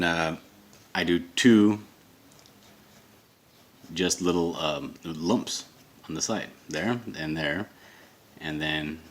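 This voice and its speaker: A deep-voiced man with a slightly bright tone teaches comic drawing from his home studio, over a little hiss or hum. The tutorial is casual; he rambles, corrects himself and thinks aloud as he sketches.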